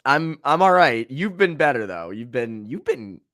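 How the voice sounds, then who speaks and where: A man co-hosting a casual sports podcast, animated and ranting as he chats. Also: mid-range voice, normal speed, dry recording, studio quality. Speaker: podcast co-host.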